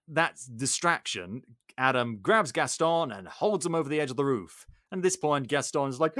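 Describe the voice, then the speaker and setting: Animated, jokey male podcast host. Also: mid-range voice, moderate pace, no echo, studio quality. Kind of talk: casual chat retelling a film.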